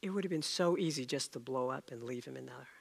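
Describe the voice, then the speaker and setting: A middle-aged man preaching a sermon, telling a story and acting out the dialogue with lively energy. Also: mid-range voice, quick pace, gravelly. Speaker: pastor.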